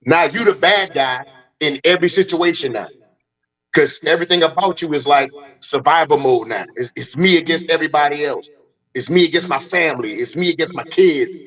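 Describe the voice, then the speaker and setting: A man's voice: fairly high pitch, brisk, fairly bright tone, dull audio. A middle-aged man hosting a casual podcast chat, talking bluntly with plenty of cursing and acting out the back-and-forth of conversations. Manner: blunt, profane, acts out quoted exchanges. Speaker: host.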